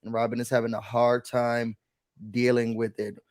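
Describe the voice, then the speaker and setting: A man hosting a casual reality TV recap, chatting in an animated, gossipy way and mimicking cast members. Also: mid-range voice, normal speed. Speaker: recap show host.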